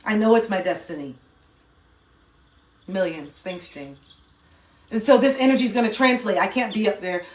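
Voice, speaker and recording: A woman delivers an impassioned livestream monologue into her phone at medium pitch and normal speed, with long pauses. She's emphatic, swears, and repeats lines for effect. Her voice sits back from the phone's distant mic in an echoey room.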